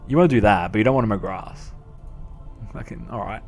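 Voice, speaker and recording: A profane Australian man in his thirties chats casually as a game streamer, trading stories and jokes with his viewers. His voice sits fairly low, with a laugh never far away, and faint music plays behind him. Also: a little fast, vocal fry, a little mellow. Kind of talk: casual storytelling chat.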